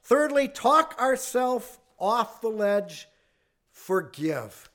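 A man's voice: very high-pitched, sing-song, extremely slow, fairly bright tone. A man preaching a conversational sermon, telling folksy stories and chuckling along the way. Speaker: pastor.

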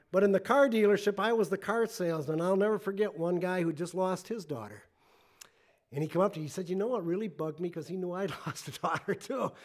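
High pitched pastor guy preaching, earnest, gets loud and emotional. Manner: earnest, rises to emotional near-shouting when quoting scripture. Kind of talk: sermon.

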